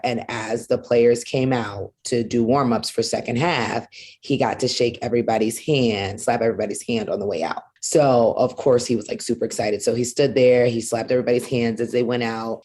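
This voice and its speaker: A woman being interviewed as a guest on a podcast, telling a story in a casual, animated way and acting out the dialogue she quotes. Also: extremely low pitch. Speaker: guest, arena executive.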